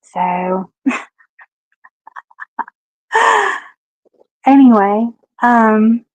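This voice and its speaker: A woman's voice: fairly high pitch, sing-song, very slow, dry recording, low-quality recording. A woman from Southeastern Kentucky with a Southern accent, hosting her own live-stream talk show, chatty and frank as she greets viewers by name. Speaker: livestream talk show host. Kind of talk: casual live-stream chat.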